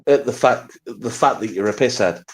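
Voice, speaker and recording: Blunt man, swears freely, talks in loops, relaxed live-stream chat. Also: medium pitch, normal speed, poor audio. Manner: blunt, sweary, repeats himself. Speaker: guest on a live stream panel. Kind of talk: casual chat.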